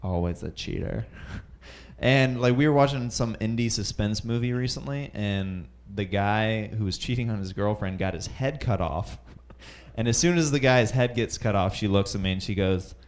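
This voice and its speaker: A man's voice: on the low side, moderate pace. A young man doing nervous, rambling stand-up at an open mic in a comedy club, full of fillers and chuckles at his own jokes. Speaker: stand-up comic.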